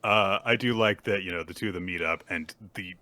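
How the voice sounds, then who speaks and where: A man's voice: low voice, fairly quick, pushed and bright, no room sound. A man co-hosting a podcast, casually recapping manga and acting out the characters' lines with laughs. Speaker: podcast co-host.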